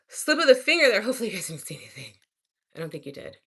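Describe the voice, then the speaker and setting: Chatty woman, animated and gravelly. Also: medium pitch, rapid-fire. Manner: chatty, self-talking, laughs at herself. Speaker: vlogger. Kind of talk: casual chat while studying a language.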